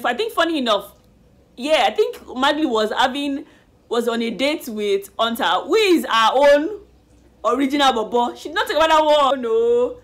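Animated woman reviewing a show. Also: sits high. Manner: lively, animated retelling with slang. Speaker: YouTube reviewer. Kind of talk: casual review chat.

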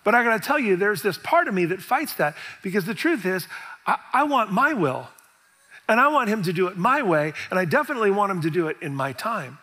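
A middle-aged man preaching a sermon as pastor, telling stories with animated, acted-out quoted reactions. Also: high voice, brisk. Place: large church hall. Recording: reverberant church hall.

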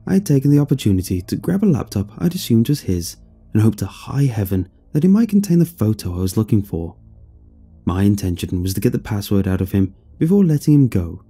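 A man narrating a horror story with a deep, very dark tone and a husky edge. His pitch swings widely as he dramatizes each moment. Faint music plays behind him.

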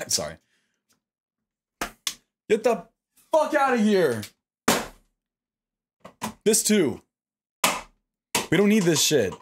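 A man streaming a game live, his pitch swinging widely as he reacts. He talks to himself the whole time, swears freely, and coaxes himself through each attempt. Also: drawn-out words, long pauses, background noise. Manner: animated self-talk, frequent swearing.

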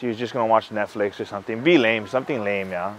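A young man telling the story of his engagement in a casual interview, halting with many fillers and sincere. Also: lowish voice, a little hiss or hum, poor audio. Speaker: groom-to-be interviewed for an engagement video.

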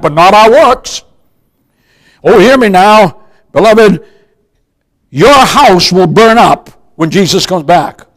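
Older guy preaching, kinda high voice, emphatic, asks the crowd questions a lot. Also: rough recording. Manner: emphatic, repeats "beloved", asks the congregation questions. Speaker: pastor. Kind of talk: sermon.

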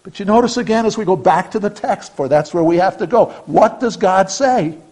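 High-voiced male pastor preaching earnestly. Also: lively intonation, fairly quick, rough recording. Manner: earnest preaching, swings from emphatic to hushed. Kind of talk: sermon.

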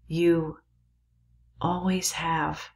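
A woman reading as a dying old man, thin and raspy. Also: deep voice, flat delivery, very slow, a little mellow, full character voice. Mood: faint, tender. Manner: short breathy bursts, near whisper. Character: dying old male professor, weak and tender.

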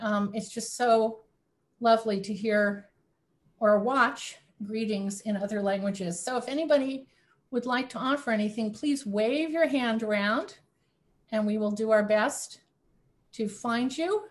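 Slow, gentle woman leading online service. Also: fairly high pitch. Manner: gentle, inviting, unhurried. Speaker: service leader. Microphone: video call.

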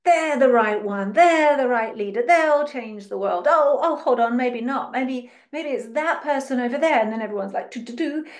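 A woman's voice: a little high, animated, moderate pace, hardly any pauses. A woman giving a spiritual teaching monologue. She asks many rhetorical questions and dramatizes how other people think.

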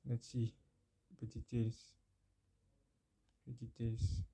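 In this screen-recorded how-to, a man walks viewers through a phone tech tutorial in a slow, mellow, husky voice of medium pitch with an utterly flat delivery. He poses questions straight to the viewer, repeats phrases, and exclaims at how things turn out.

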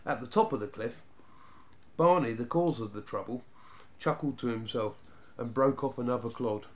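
A man narrating a children's storybook in a steady, even reading voice. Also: medium pitch, moderate pace, pauses often.

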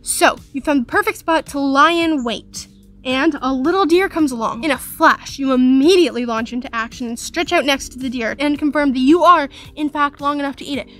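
A young woman hosting an educational video, explaining things in a lively, playful and sarcastic way with dramatic emphasis. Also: high-pitched, a little fast, soft background music. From Canada. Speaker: reptile educator and channel host.

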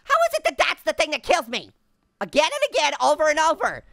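Hyper, squeaky talking orange cartoon. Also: male voice, wildly swooping pitch, quick pace, gravelly, fairly bright tone, dry recording, heavily acted. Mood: gleeful. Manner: punning, giggly, constant exclamations. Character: wisecracking male talking orange, hyper and giggly. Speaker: gaming channel host. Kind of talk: cartoon let's-play commentary in character.

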